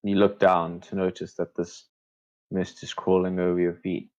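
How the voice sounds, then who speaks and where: A man narrating a tabletop game as game master, slow, measured and hushed. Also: low voice, flat delivery, dull audio.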